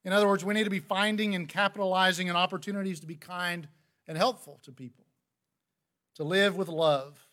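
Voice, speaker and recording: High-voiced man preaching a sermon. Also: fairly even intonation, fairly quick, fairly bright tone. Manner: earnest, conversational, reads scripture aloud.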